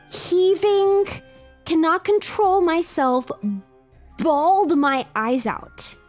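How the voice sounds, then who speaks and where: A young adult woman streamer chatting casually with her viewers, telling a story in an animated, emphatic way with lots of repetition. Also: high voice.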